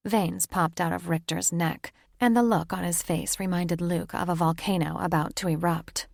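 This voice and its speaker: Gravelly woman narrating an audiobook. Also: fairly low pitch, steady tone, normal speed, few pauses, a little mellow, no room sound, clean studio sound. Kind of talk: scripted narration.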